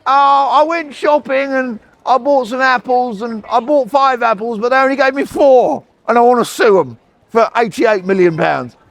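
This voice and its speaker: A man doing a squeaky fussy caller. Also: normal speed, fairly bright tone, no echo. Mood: plaintive. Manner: high, squeaky, plaintive. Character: squeaky fussy male caller, absurdly litigious.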